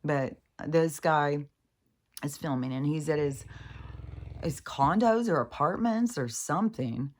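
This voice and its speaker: A low-pitched woman talks to camera in a loose, wandering vlog monologue. She swears freely and rambles from thought to thought, getting lively when she retells what she saw. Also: slow pace. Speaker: spiritual vlogger.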